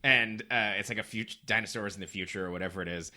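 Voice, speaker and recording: Man, joking movie chat, very bright tone, filler-heavy, laughing. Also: on the low side, steady tone, fast. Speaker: podcast co-host. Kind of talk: casual movie discussion chat.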